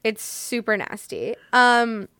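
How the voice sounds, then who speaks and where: A woman's voice: on the high side, very animated, slow, bright, forceful tone, clear, resonant tone, no echo, studio quality. A woman in casual conversation, talking bluntly and with indignation, and swearing casually. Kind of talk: casual book discussion chat.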